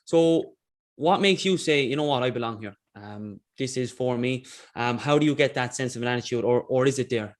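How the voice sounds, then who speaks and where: A man hosting a podcast, asking interview questions in a halting way with many "um"s. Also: medium pitch. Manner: halting, with frequent "um"s. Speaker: podcast host.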